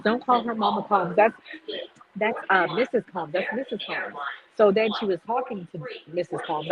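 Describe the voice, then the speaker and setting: A woman's voice: lowish voice, dull audio. A woman hosting a podcast, telling what she saw in a chatty, gossipy way. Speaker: podcast host. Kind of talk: casual podcast chat.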